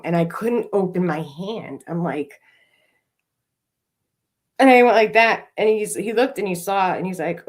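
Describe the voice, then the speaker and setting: A woman's voice: on the low side, a little slow. A middle-aged woman co-hosting a podcast, telling a candid, emotional recovery story with plenty of swearing and filler words. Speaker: podcast co-host.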